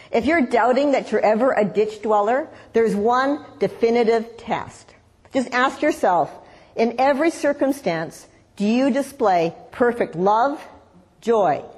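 A woman preaching a sermon, telling a story in a lively way and acting out the voices in it. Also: a little high, slightly rough. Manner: animated storytelling, acts out voices in quotes. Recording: long hall reverb.

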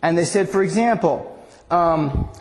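Guy giving a chatty rambling sermon, asks the room stuff, voice a bit high, echoey hall. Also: unhurried. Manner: rambling, conversational, asks the audience questions. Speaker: preacher.

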